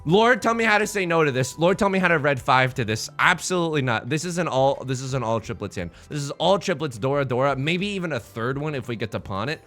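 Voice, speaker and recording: Young man, playful game commentary, animated pitch, soft background music. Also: fast, hardly any pauses. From United States. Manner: rambling, joking, talks to himself and viewers. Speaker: let's play host. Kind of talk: casual gameplay commentary.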